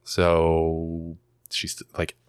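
A young man with a very low voice tells stories in a loose, animated way, full of fillers and swearing. The recording is close and dry, with no room sound. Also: extremely slow, clear, resonant tone, dry recording. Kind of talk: casual chat.

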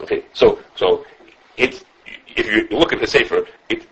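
A man full of gives a quick, informal halachic class, correcting himself as he goes. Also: on the low side, slightly rough. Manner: animated, quick, self-correcting, answers questions. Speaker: Torah teacher. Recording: dull lo-fi recording.

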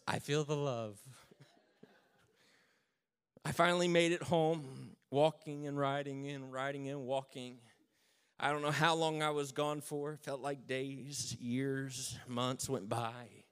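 A man's voice: medium pitch, slow, clear, resonant tone. A man in his thirties telling a humorous personal story, self-mocking and dry. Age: 30s. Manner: self-mocking, dry jokes, lively retelling.

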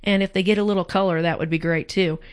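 A woman in her forties co-hosting a casual podcast chat, telling family stories with lively enthusiasm. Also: lowish voice, fast, smooth. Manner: animated, enthusiastic storyteller. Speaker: podcast co-host.

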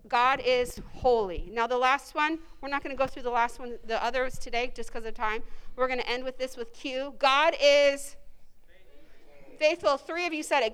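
A woman's voice: high voice, fairly bright tone. A woman pastor preaching a sermon to a congregation, emphatic and call-and-response, leading into prayer. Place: church service.

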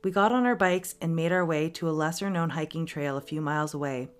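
A woman with a very low voice narrates a story aloud as a podcast host. Her reading is steady and expressive. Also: brisk, smooth.

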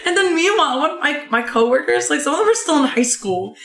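A woman's voice: sits high, quick pace, crowd noise. A young woman telling a rambling work story in a casual chat, full of "like"s. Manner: rambling, animated anecdote with many "like"s. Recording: echoey room.

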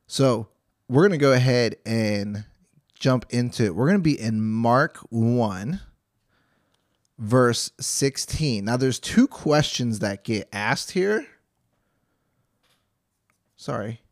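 A man's voice: medium pitch, animated, slow pace, long pauses, no echo, clean studio sound. A young man hosting a Bible study podcast, reading scripture and chatting casually with jokes and frequent restarts. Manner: chatty, jokey, self-interrupting.

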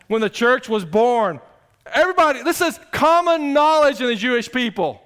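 Male pastor, high smooth voice, conversational preaching with loud and soft swings. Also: very animated, moderate pace. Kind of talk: sermon.

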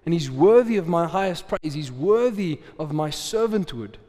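A man preaching a sermon in a relaxed, conversational way, asking the congregation questions and laughing often. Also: on the high side, moderate pace. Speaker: pastor. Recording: long hall reverb.

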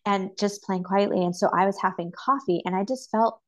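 A mother who is a podcast guest, sharing a personal faith story in an earnest, openly emotional way and laughing softly between thoughts. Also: medium pitch, brisk. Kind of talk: personal faith testimony in casual chat.

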